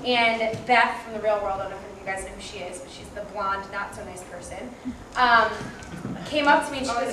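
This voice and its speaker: A woman's voice: medium pitch, fairly quick. Young woman telling her story in an echoey hall. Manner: candid, hesitant with many ums. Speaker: motivational speaker. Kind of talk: personal story told to an audience. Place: large hall with audience. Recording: echoey hall from far off with noise.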